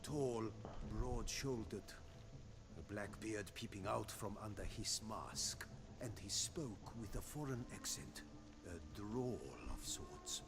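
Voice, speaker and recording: An actor playing a respectful former palace servant who speaks in a hushed voice. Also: male voice, fairly low pitch, animated, takes it slowly. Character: deferential male palace servant.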